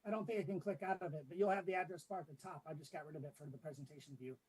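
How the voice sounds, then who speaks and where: A man presenting his mapping work to a committee in a relaxed, explanatory way, with many fillers. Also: a little high, very fast, crowd noise, rough recording. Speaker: city staff presenting a tree map. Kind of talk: meeting presentation. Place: public meeting room with remote attendees.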